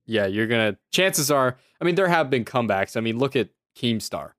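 Young dude chatting on a podcast, rambly, lots of "like", dry sound. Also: male voice, mid-range voice, lively intonation, normal speed, fairly bright tone, no echo. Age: young adult. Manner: rambling, loose, full of fillers. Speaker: podcast co-host. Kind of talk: casual podcast chat.

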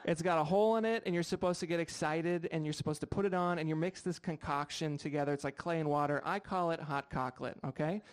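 A man's voice: fairly high pitch, fast, few pauses. A young American man doing a stand-up comedy set, chatty and self-deprecating, bantering with the crowd. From United States. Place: live comedy show with audience.

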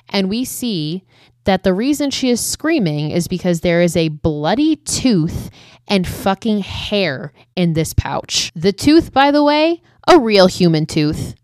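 A woman's voice: fairly low pitch, dry recording, clean studio sound. A woman telling a story in a loose, casual way, full of "like" fillers and frequent swearing. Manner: chatty, heavy use of "like" and frequent swearing. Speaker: vlogger recapping a horror film.

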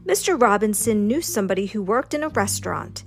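A woman reading a children's storybook aloud in a slow, gentle, expressive way. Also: medium pitch, faint music behind. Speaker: storybook narrator.

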